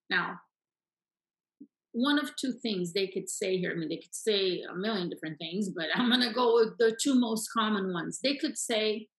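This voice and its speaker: A woman's voice: medium pitch, normal speed. A woman teaching how to handle sales objections in an emphatic, repetitive coaching style, checking in with her listeners as she goes. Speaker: sales trainer. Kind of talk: coaching lesson. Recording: roomy echo.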